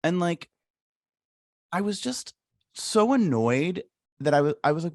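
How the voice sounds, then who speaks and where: A man's voice: a little high, very animated, measured pace, dry recording, studio quality. A man co-hosting a podcast, chatting casually and venting with some annoyance. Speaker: podcast co-host. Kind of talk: casual chat.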